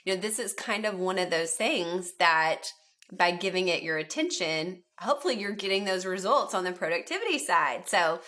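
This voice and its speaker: A woman's voice: lowish voice, expressive, normal speed, pushed and bright. A woman hosting a podcast, speaking in an upbeat, encouraging way. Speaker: podcast host.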